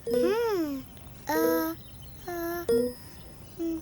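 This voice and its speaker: A woman voicing a cheerful, curious young male bunny in a children's learning video, speaking slowly and in a sing-song way for small children. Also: very high voice, full character voice. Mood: playful curious. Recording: loud kids' music behind. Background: children's music.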